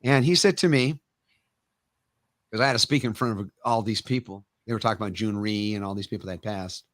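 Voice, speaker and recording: Animated man telling martial arts stories. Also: on the low side, a little fast, no echo. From United States. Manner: animated, emphatic anecdotes. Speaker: karate master, interview guest. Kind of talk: storytelling in a casual interview.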